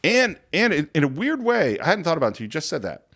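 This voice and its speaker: Male film podcast co-host, expressive and bouncy, chatty scene-by-scene recap. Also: a little high. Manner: animated retelling of scenes, acting out lines in quick voices. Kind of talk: casual film discussion. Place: podcast studio.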